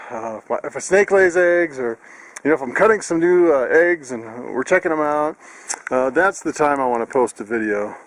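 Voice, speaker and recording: A man with a slightly high voice vlogs from outdoors on his farm, filming on a handheld camera. He rambles in a relaxed, chatty way, chuckles often and trips over fillers and restarts. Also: no echo. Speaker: farm vlogger. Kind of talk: casual vlog narration.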